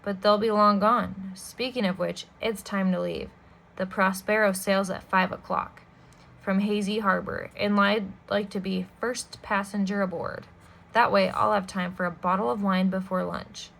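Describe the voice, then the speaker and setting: A woman's voice: medium pitch, level tone, a little slow, gravelly, a bit bright, rough recording. A woman reading aloud and voicing a sinister, scheming adult male villain with a sneering, menacing manner. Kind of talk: storybook read-aloud.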